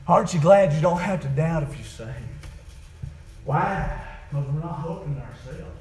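A male preacher, delivering a rhythmic sermon that swings between soft passages and shouting. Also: fairly high pitch, moderate pace, reverberant, recorded from a distance, low-quality recording. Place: church.

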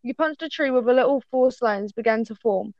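Woman reading a story out loud, trips over words a lot, kinda high voice, muffled dry mic. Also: brisk, dry recording. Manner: stumbling, self-correcting reading. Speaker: reader of fan fiction. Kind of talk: casual reading aloud with friends.

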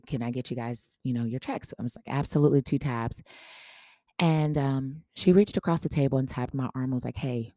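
Woman, podcast host, very deep voice, warm tone, animated storytelling. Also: no room sound, clean studio sound. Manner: animated storyteller, acts out quoted dialogue. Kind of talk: casual storytelling.

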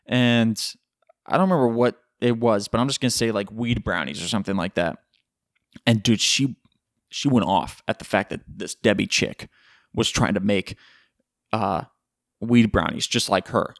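A man hosting a solo podcast, telling a story in a rambling, profane and animated way. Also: fairly low pitch, moderate pace, dry recording, studio quality. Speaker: podcast host.

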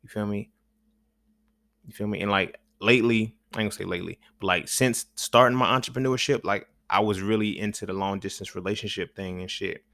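A man's voice: fairly low pitch, brisk, pushed and bright, no echo. A man hosting a podcast, talking in a loose, rambling, profane monologue full of slang, often asking "you feel me". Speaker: podcast host. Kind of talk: casual monologue.

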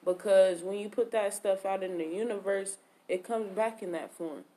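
A woman's voice: medium pitch, normal speed, dark tone. A woman casually telling a personal story, in slangy, profane talk full of "like" and reported speech. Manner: slangy, profane, lots of 'like' and quoted speech.

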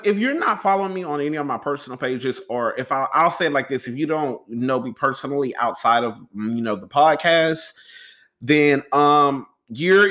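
A man talking on his own podcast in a fairly high voice. His talk is loose and rambling, and he speaks straight to his listeners as y'all. His voice is emotional and wavers as he opens up about something personal. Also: a bit bright. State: emotional, voice wavering while recounting a loss. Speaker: podcast host.

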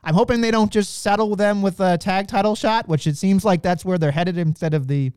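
Man, podcast co-host, blunt profane rants, smooth clear voice, dry sound. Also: sits high, brisk, no echo. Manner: blunt, profane, animated ranting. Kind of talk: casual podcast chat.

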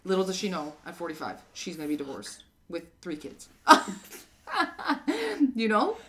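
A woman's voice: lowish voice, expressive, moderate pace. A woman in her thirties chats casually on a podcast. She tells stories in a loose, filler-heavy way and slips into quoted lines. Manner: storytelling with lots of fillers and acted quotes. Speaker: podcast co-host. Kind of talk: casual chat.

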